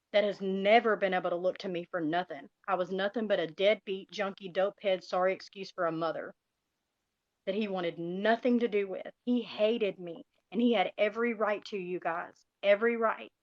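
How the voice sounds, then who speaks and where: A woman's voice: medium pitch, normal speed, dry recording. A middle-aged woman gives an emotional personal testimony on a live stream, speaking earnestly and often calling her listeners "you guys". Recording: dull, dry lo-fi sound.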